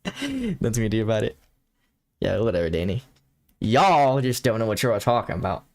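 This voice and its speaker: A man's voice: on the low side, big pitch swings, moderate pace, darkish tone. A young American man streaming a horror game, chatting loosely with viewers and reading game text aloud. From United States. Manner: swearing, joking with chat, drawling.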